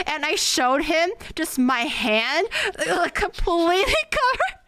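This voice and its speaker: Young woman streamer, high bright crisp voice, casual cooking chat, acts out quotes. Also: fairly quick, no room sound. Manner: animated storyteller, acts out quotes.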